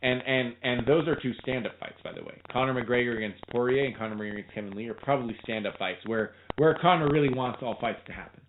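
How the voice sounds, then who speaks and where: A man co-hosting a podcast in casual sports chat, rambling and animated, often restarting his sentences. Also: medium pitch, fast talker, hardly any pauses. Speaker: podcast co-host. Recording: tinny phone-like line with faint noise.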